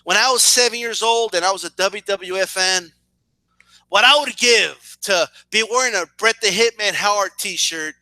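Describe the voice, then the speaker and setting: Guy in his 30s ranting, kinda high and really bright voice, sarcastic, swears a lot, dry close mic. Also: moderate pace, dry recording. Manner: sarcastic, profane, repeats words when worked up. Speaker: boxing and wrestling commentator. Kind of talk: casual video rant.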